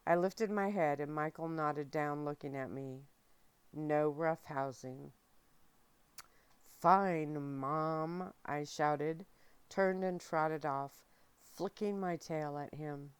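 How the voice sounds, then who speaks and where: Slow, low-voiced woman reading softly. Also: clean tone, dry recording. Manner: soft, steady, unhurried narration. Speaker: audiobook reader. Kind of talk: soft ASMR book reading.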